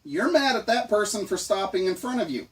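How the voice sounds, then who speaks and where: A woman's voice: mid-range voice, sing-song, brisk, distant mic. A woman co-host in casual chat, chiming in with everyday examples.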